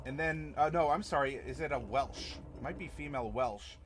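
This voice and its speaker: A man's voice: medium pitch, normal speed, a little hiss or hum. A young man hosting a live stream as game master, chatting casually and rambling with many fillers and restarts.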